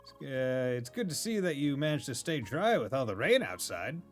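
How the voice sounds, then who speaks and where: Male streamer doing an eccentric old tycoon, high and theatrical, forgetful. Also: sing-song, normal speed, soft background music, natural voice.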